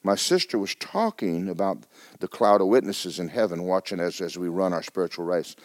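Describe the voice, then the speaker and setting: A middle-aged man preaching a sermon as pastor, telling a personal story with stammering restarts and sudden swings between hushed and loud. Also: low-pitched, expressive, normal speed, no echo, studio quality.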